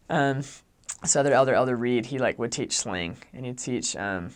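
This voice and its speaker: Talking a little fast at a medium pitch, a young man who has returned from his mission tells a story in a relaxed, chatty and animated way, leaning hard on the word "like."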